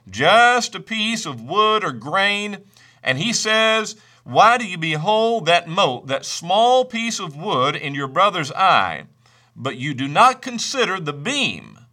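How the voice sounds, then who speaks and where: Male preacher, high bright voice, animated, emphatic sermon delivery. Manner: emphatic, slows to stress scripture; reads scripture in old-fashioned wording.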